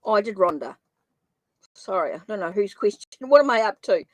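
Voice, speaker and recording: Brisk and expressive, a mid-range female voice belongs to a tarot streamer who apologizes and thinks aloud while typing her viewers' names in a casual chat. By her own account, her accent is funny. The rough recording has no echo.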